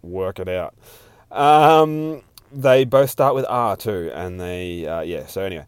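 A man's voice: low-pitched, expressive, slow pace, clean tone, no echo, studio quality. A man casually reviewing a comic book issue, rambling and swearing heavily, acting out characters' lines. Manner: rambling, heavily profane, lots of fillers; acts out character quotes.

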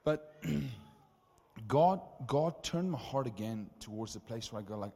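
A man preaching as the preacher, telling stories in an animated, conversational way with many asides. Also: medium pitch, unhurried. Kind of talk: sermon storytelling. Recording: reverberant hall.

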